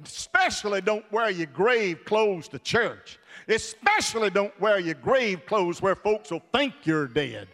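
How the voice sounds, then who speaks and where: A man preaching a sermon with fervor, dropping to a hush and then rising to shouts. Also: high-pitched, sing-song, a little slow, hardly any pauses. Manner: fervent, swings from hushed to shouting. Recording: long hall reverb of a church.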